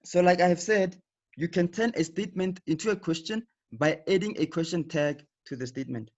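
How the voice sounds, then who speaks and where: A man leads an online English lesson, talking in a slightly high voice. He explains slowly and patiently, circling back and tagging his points with "okay". The call audio is muffled and lo-fi. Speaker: teacher. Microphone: video call.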